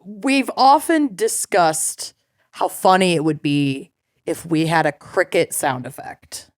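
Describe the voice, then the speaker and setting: A woman's voice: fairly low pitch, slow, no room sound, studio quality. A woman co-hosting a podcast, chatting casually and joking, often laughing. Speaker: podcast co-host. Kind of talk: casual chat.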